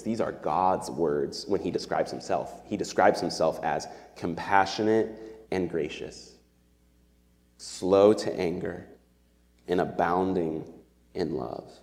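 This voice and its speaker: This pastor, a man in his thirties, has a low and somewhat mellow voice as he addresses his church on Sunday morning. He speaks earnestly and conversationally, often saying "like" and "right?", while the sanctuary adds long, hall-like reverb.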